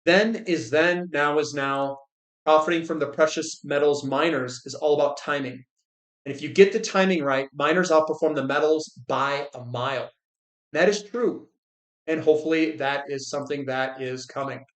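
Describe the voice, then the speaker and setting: Male finance host, fairly high voice, blunt and exasperated, restarts a lot, echoey room. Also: steady tone, moderate pace. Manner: blunt, exasperated, repeats words when restarting. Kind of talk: casual commentary.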